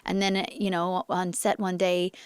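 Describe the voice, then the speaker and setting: Chatty actress, low-pitched, dry sound. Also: female voice, measured pace, clear, resonant tone, no room sound. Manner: chatty, animated storytelling with filler words. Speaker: actress guest. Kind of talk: casual interview chat.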